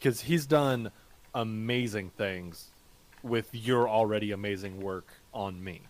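A man playing a tabletop game, talking in character in a halting way with frequent restarts and fillers. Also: on the low side.

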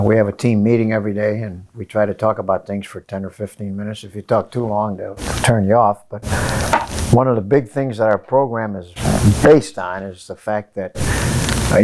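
A man, a high school running coach, giving emphatic interview answers in a hotel room and repeating his key phrases. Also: background noise.

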